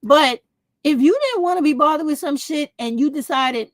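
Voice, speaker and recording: A woman's voice: high voice, big pitch swings, fairly quick, no echo. A woman, talking straight to her viewers in a casual opinion vlog, blunt and profane. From United States. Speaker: vlog host.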